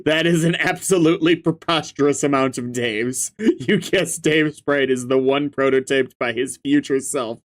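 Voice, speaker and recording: A man reading a webcomic aloud and reacting, who stammers, laughs often and breaks into sudden outbursts. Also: medium pitch.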